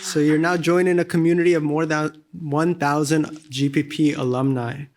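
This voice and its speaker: A man's voice: fairly high pitch, level tone, normal speed, a loud crowd, very noisy. Man closing a graduation ceremony. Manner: warm, thankful, announcing. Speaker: ceremony host.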